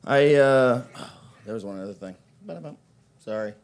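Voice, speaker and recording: A young man doing a crude, rambling stand-up set at an open mic in a coffee shop, breaking into shouted impressions now and then. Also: mid-range voice, animated, moderate pace, clear, resonant tone.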